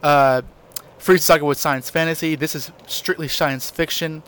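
Enthusiastic, rambling man, higher voice. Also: fairly even intonation, moderate pace, a bit bright, clear, resonant tone. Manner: rambling, enthusiastic, restarting sentences. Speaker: podcast co-host. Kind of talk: casual chat.

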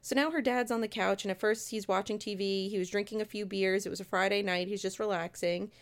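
A woman's voice: medium pitch, steady tone, a little fast. A woman casually telling a true-crime story, chatty and conversational, with asides to her listeners. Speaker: storyteller host.

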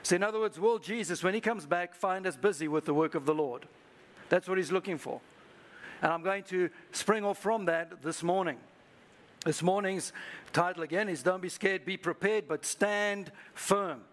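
A man with a high voice preaches to his congregation. He leads the room in call-and-response, asking listeners to repeat lines to their neighbours. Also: normal speed. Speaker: pastor. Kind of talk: sermon. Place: church service.

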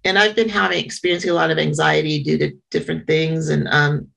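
A middle-aged woman sharing her story at a small meeting, halting and earnest, with frequent pauses and restarts. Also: deep voice, steady tone, gravelly, fairly bright tone, rough recording. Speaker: member sharing at a support meeting. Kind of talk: personal share at a small meeting.

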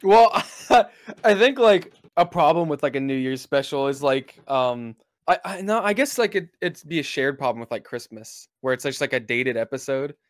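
A man's voice: medium pitch, lively intonation, normal speed, dry recording, studio quality. A man co-hosting a casual podcast, hesitant and full of filler words, giggling between remarks. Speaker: podcast co-host.

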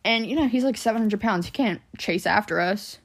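A woman's voice: mid-range voice, brisk. A young woman on a podcast, telling a story casually, full of "like" and swearing. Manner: rambling storytelling with lots of "like" and swearing. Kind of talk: casual chat.

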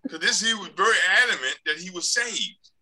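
A man's voice: high-pitched, expressive, brisk, pushed and bright, rough recording. A man leading a church Bible study discussion, playing a doubtful convert to make his point.

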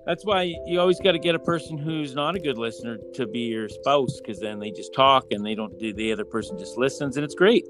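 A man's voice: medium pitch, over music. Middle-aged man hosting a chatty podcast. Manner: joking, teasing, halting restarts. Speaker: podcast host. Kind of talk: casual family chat.

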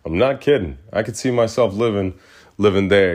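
A man's voice: lowish voice, moderate pace, a little mellow. A man hosting his own podcast in a casual solo chat, rambling and repeating himself, with an upbeat sign-off. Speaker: podcast host.

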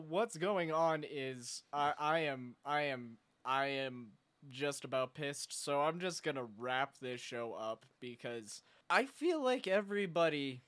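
Brief: male comedy host, slightly high voice, slow and fed-up delivery. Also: clean tone. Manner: exasperated, deadpan, profane. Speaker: show host. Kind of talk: comedy talk show.

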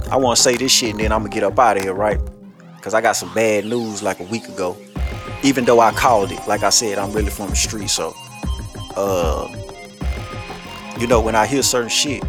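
A man hosting a commentary show, ranting bluntly in profane street talk and telling stories with a lot of energy. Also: fairly low pitch. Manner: blunt, heavy cursing, animated storytelling.

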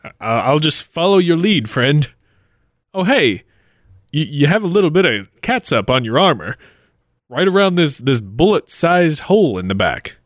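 A man's voice: a little high, big pitch swings, moderate pace, no echo, studio quality. A man playing a friendly, bumbling grail hunter in a 1940s-style radio play, easygoing and a little stammering.

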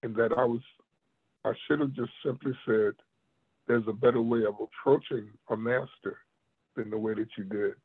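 Male martial arts master, animated storyteller, husky, heard over a tinny phone-like line. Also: medium pitch, normal speed. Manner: animated storyteller, laughs often. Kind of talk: storytelling in a conversation.

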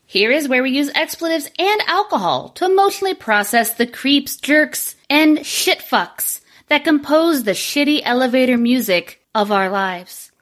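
A woman's voice: high voice, expressive, normal speed, hardly any pauses, a bit bright. A woman in her thirties co-hosting a podcast, chatting casually with lots of swearing, fillers and laughs. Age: 30s. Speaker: podcast co-host.

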